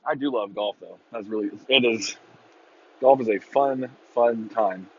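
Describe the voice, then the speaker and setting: A man ranting casually on a podcast, swearing freely and breaking into loud mocking impressions of fans. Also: fairly low pitch, a little slow, slightly rough, dull audio. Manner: profane, exasperated ranting with mocking shouted impressions. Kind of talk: casual rant.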